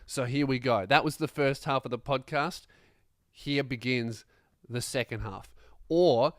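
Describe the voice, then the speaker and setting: A young man hosting a comedy podcast, ranting in an animated, profane, self-mocking monologue. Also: mid-range voice, a little slow, dry recording, studio quality.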